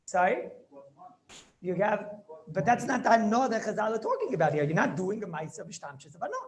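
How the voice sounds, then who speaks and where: Gravelly rabbi teaching with Yeshivish lilt. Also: male voice, sits high, sing-song, a little fast. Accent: Yeshivish English. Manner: storytelling, repeats phrases, asks students questions. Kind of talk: animated Torah class with Yiddish and Hebrew terms.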